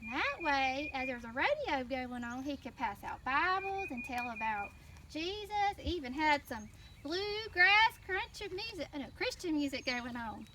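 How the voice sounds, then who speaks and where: A woman with a Southern US accent telling a children's story in church, animated and prompting the kids to answer. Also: sits high, normal speed. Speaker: children's mission teacher. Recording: distant mic with faint noise.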